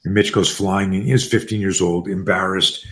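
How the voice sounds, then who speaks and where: Animated storytelling man in his sixties, low voice. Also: normal speed. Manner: animated storyteller, acts out quoted dialogue, swears freely. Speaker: podcast guest, self-defense instructor. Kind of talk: storytelling in a podcast interview. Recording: roomy echo.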